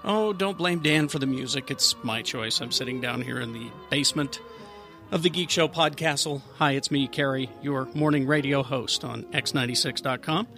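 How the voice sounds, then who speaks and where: A man hosting a casual podcast, loud and playful, laughing often and reading an ad. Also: medium pitch, normal speed, vocal fry, faint music behind. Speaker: podcast host. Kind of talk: casual podcast banter and read ad.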